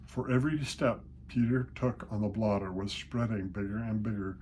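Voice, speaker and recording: A man's voice: on the low side, steady tone, moderate pace, a little mellow, slight background noise. Older man reading a storybook aloud. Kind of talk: reading a picture book aloud.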